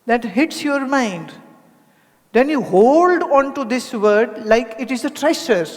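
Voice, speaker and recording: In a big hall with an audience and long reverb, a spiritual teacher from India speaks in a fairly high voice at normal speed. Her talk is conversational, with rhetorical questions and acted-out quotes from other people.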